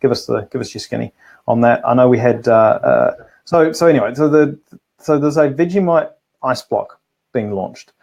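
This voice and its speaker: A man's voice: medium pitch, normal speed, gravelly, a little mellow. A man co-hosting a casual live food show, talking in a rambling way full of restarts and fillers. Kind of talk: casual live-stream chat.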